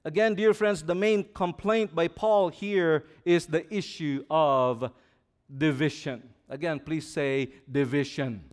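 With a fairly high, steady, clean-toned voice, a male pastor preaches at a slow pace that swells for emphasis before dropping away. He uses call-and-response, having the congregation repeat his words.

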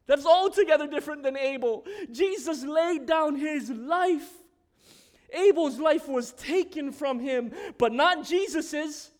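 A man preaching a sermon, moving between hushed scripture reading and impassioned shouted declarations. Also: very high voice.

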